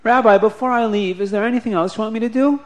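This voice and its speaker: A man's voice: high voice, fast, pitched above the performer's own voice, close to an everyday voice. A man voicing an earnest, anxious young man who keeps asking questions. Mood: questioning. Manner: questioning, rising into alarm.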